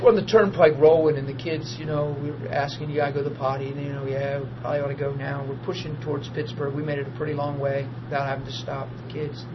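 A man delivers his testimony in a preacher's style, his voice high for a man, talking fast with few pauses. Emotionally, he sinks to near-murmurs and then rises into loud, tearful laughter, over a dull, lo-fi recording with steady background noise.

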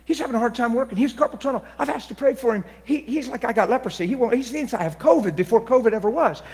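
A man preaching a testimony sermon, moving between hushed confiding and loud, excited preaching. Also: extremely high pitch, quick pace, husky. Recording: long reverberant hall.

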